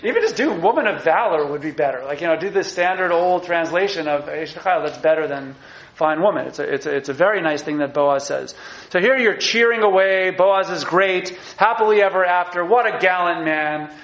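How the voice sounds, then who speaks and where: A man teaching a text study class, animated and enthusiastic, acting out the lines he quotes. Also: on the high side, fairly quick, echoey room, muffled recording. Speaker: Torah teacher.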